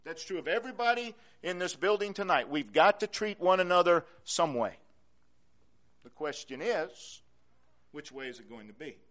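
A male pastor preaching a sermon in a church, repeating key phrases and swinging from quiet to loud. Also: fairly high pitch, lively intonation, normal speed.

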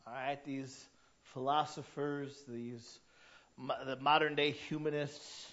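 A man's voice: medium pitch, flat delivery, slow pace, fairly bright tone, muffled recording. A male pastor preaching in a conversational sermon that surges to emphatic peaks.

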